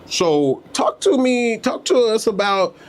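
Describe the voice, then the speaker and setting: A man's voice: sits high, sing-song, measured pace. A man hosting a podcast interview, cheering his guest on with enthusiastic call-and-response affirmations. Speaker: podcast host.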